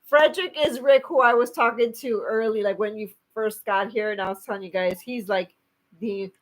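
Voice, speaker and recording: Animated female co-host, bright higher pitch, giggles, reads chat. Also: normal speed. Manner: animated, laughs often, reads chat aloud. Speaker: livestream co-host. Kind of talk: casual chat.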